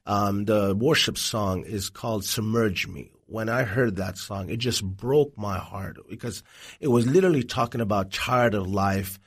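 A man, a Christian evangelist, telling his life story as an interview guest in an earnest, animated way. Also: fairly low pitch, unhurried, husky. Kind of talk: personal testimony in an interview.

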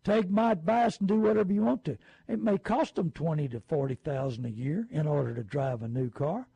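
A middle-aged man talks through folksy car-buying advice and slips into lively, put-on quotes. His voice sits fairly high, with a gravelly, husky edge. The sound is dry and close. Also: fairly quick, dry recording, rough recording.

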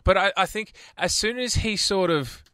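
A man's voice: high-pitched, moderate pace, bright, forceful tone, smooth, no echo, studio quality. A man, co-hosting a radio show and rambling through memories with frequent restarts. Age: 20s. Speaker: radio co-host. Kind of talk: casual radio banter. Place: radio studio.

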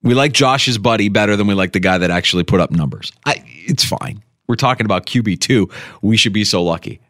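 A man co-hosting a sports talk show, chatting in an animated, jokey way. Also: fairly low pitch, brisk, no echo, clean studio sound. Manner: animated, jokey, does goofy voices. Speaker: sports radio co-host.

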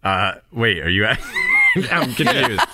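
A middle-aged man co-hosting a casual radio chat, animated, laughing often and acting out quotes. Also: mid-range voice, slow, heavy background noise. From northeastern US. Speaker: radio show co-host.

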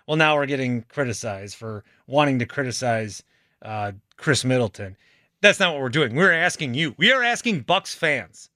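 A male sports radio host who lays out scenarios one step at a time and drives home his points. His voice is slightly high for a man and bright, recorded dry and close to the mic. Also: animated, a little slow, no echo. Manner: lays out hypotheticals step by step, emphatic. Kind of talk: sports radio talk, reading the call-in number.

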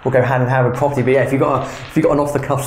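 A man's voice: mid-range voice, flat delivery, very fast. A male podcast host interviewing a guest conversationally, encouraging and stumbling a little as he starts questions. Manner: encouraging, stumbling over openings. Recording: echoey room.

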